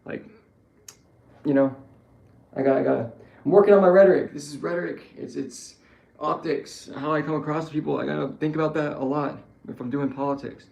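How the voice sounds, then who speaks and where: A man's voice: on the high side, steady tone, brisk, gravelly, darkish tone. A man giving a rambling, profane political monologue who keeps correcting himself. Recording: echoey room with faint ambience.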